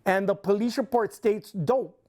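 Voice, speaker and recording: A man's voice: high voice, moderate pace, darkish tone. A middle-aged man, an interview guest telling a heated, profane story in blunt, casual talk. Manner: blunt, heated, swears constantly. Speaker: interview guest, former club president.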